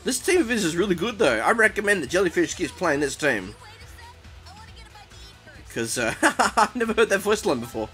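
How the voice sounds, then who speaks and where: A young man giving excitable, panicky commentary over his own fighting-game match, taunting his opponent. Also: high voice, moderate pace, pauses often. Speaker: gaming YouTuber. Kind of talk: live gameplay commentary. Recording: game music behind voice.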